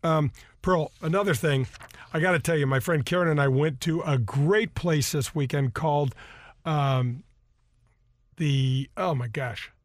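A man's voice: fairly high pitch, measured pace, dry recording. Chatty male radio golf host. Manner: rambling and chatty, many fillers. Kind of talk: casual radio talk with live sponsor reads. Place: radio studio. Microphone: studio microphone.

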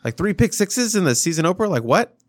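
A man's voice: high-pitched, big pitch swings, fast, dry recording. A man co-hosting a podcast, rambling loosely through a casual sports chat with lots of fillers and restarts. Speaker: podcast co-host.

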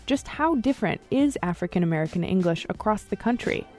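A woman's voice: medium pitch, animated, brisk, darkish tone, soft background music. A woman producer hosting a podcast, introducing the episode in a friendly, explanatory way. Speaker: senior producer and host.

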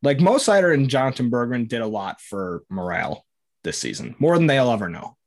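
A man's voice: medium pitch, big pitch swings, fairly quick. A man hosting a sports podcast, chatting casually and rambling with jokes and fillers. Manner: rambling, joking, lots of fillers. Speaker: podcast host.

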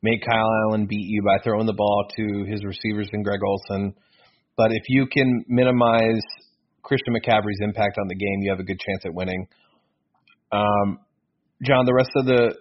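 Low-voiced man on a dull lo-fi podcast. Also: normal speed, slight background noise. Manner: rambling, self-correcting, excitable. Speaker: podcast co-host. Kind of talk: casual sports podcast chat.

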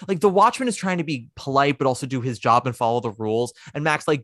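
This is a podcast host in relaxed conversation, mid-pitched, animated and full of opinions. The sound is dry and close, with no room around the voice. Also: dry recording. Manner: animated and opinionated, quick asides. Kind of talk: casual chat.

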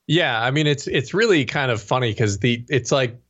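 A man's voice: medium pitch, normal speed, fairly bright tone. A man appearing as a guest on a political talk podcast, speaking animatedly and acting out quoted voices. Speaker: guest, managing editor. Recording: slightly dull remote audio.

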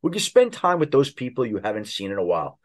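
A man reading a sponsor advertisement on a podcast, smooth and measured. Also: medium pitch, big pitch swings. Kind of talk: read advertisement.

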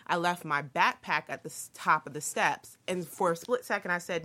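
A young woman telling a story in casual chat, animated and swearing freely as she acts out what people said. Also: on the low side, moderate pace.

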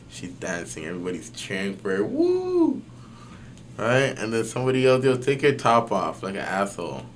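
A young man telling a story in casual podcast chat, slangy and animated, swearing often and using lots of fillers. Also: low-pitched, background noise. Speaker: podcast guest.

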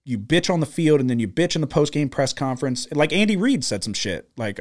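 A man's voice: mid-range voice, big pitch swings, fast, hardly any pauses. A man co-hosting a sports betting podcast from a studio, ranting in heated, profane casual talk. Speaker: podcast co-host.

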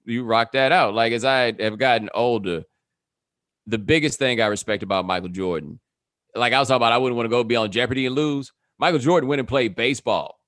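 Animated man chatting as a podcast guest. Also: medium pitch, no echo, clean studio sound. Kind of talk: casual chat.

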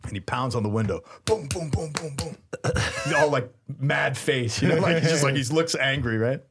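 An animated man in his thirties tells a story on a podcast, quick to laugh and to act out the people in it. He is a priest chatting casually with friends, and his pitch sits in the middle range. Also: noisy background.

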